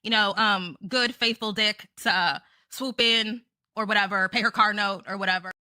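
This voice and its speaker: Sarcastic woman in her thirties, bright. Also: mid-range voice, fairly even intonation, moderate pace, clean tone. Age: 30s. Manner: scolding, sarcastic.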